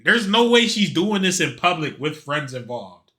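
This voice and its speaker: Man, streamer reaction commentary, bright tense voice, slightly high, slangy and animated. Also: moderate pace.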